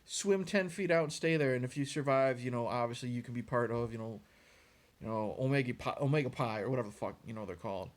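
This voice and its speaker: A man's voice: medium pitch, fast. A man giving a casual, sarcastic, profane rant reviewing a movie, sounding exasperated and mocking. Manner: sarcastic, exasperated, swears freely.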